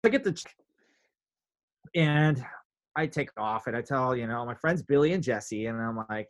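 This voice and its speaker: A man telling a story in casual chat, animated, acting out his own quotes with big jumps in pitch. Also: moderate pace.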